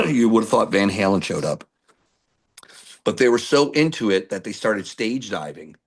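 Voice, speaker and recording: A middle-aged male musician telling lively stories in an interview, acting out what people said to him. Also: on the low side, moderate pace. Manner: animated anecdotes with acted-out quotes. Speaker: musician guest. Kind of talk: storytelling interview.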